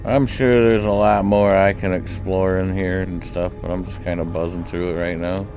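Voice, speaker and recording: A man's voice: deep voice, little pitch movement, normal speed. A man casually commenting on his own gameplay, chatty and laid-back, thinking aloud as he plays. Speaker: gaming channel host. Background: game music.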